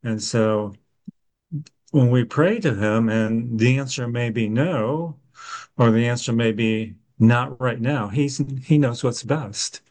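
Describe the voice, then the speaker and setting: Man reading bible verses and explaining them, steady and calm about it. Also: mid-range voice, slow, rough recording. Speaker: co-host of a Bible discussion. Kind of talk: conversational Bible study.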